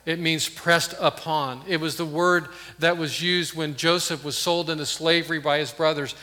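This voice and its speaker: Bright-voiced man preaching in a reverberant hall. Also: on the high side, steady tone, normal speed. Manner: earnest preaching, swinging from loud emphasis to hushed tones. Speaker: pastor. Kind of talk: sermon.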